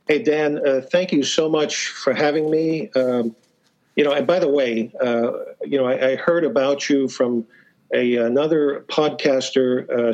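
A man's voice: medium pitch, darkish tone, low-quality recording. A man guesting on a podcast, telling stories casually with lots of hesitations, restarts and fillers, and chuckling now and then. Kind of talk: casual storytelling interview.

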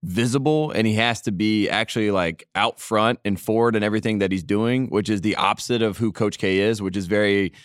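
A man's voice: fairly low pitch, a little fast, few pauses, no room sound, clean studio sound. A young man co-hosting a sports podcast, joking and opinionated in a wry way. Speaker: podcast co-host. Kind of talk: casual sports chat.

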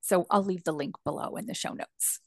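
A woman's voice: on the low side, a little fast, no room sound. A woman over sixty from Northern California, co-hosting a podcast with bubbly chatter and frequent laughs. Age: older. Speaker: podcast co-host. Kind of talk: casual podcast chat.

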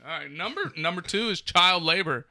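A man's voice: high voice, animated, normal speed, bright, forceful tone. A man co-hosting a podcast, ranting profanely in a mock-angry way about raising his kids. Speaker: podcast co-host. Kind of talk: crude comedic podcast chat. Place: studio.

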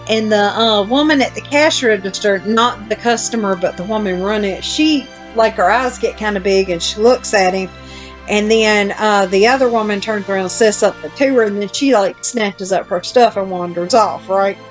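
A woman's voice: medium pitch, moderate pace, faint music behind. A woman podcast host telling a long story in casual chat, blunt and self-deprecating, with casual swearing.

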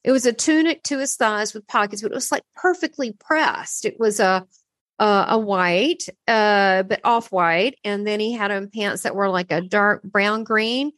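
A woman in a casual spiritual conversation, telling a personal story with lively, swooping delivery. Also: a little slow, no echo. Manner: animated storytelling, swooping pitch.

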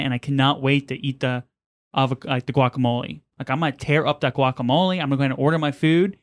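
A man's voice: medium pitch, steady tone, fast. A man co-hosting a podcast, telling a story in a rambling, casual way with lots of fillers. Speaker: podcast co-host. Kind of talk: casual chat.

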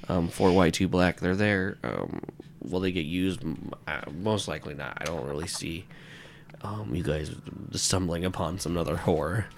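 A man's voice: deep voice, moderate pace, a little hiss or hum. A man running a tabletop role-playing game as game master, explaining and narrating in a loose, rambling way full of fillers and asides. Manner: rambling, filler-heavy explaining with frequent laughs.

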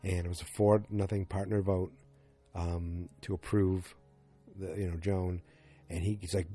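A man's voice: low voice, moderate pace, dark tone, breathy edge, soft background music. A man casually recapping a TV episode, rambling with lots of fillers and restarts.

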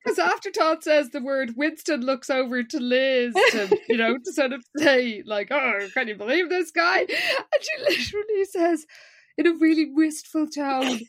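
A woman co-host with a high voice recaps an episode in casual chat. She tells the scenes with giggly, animated energy. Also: moderate pace, no echo, clean studio sound. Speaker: podcast co-host.

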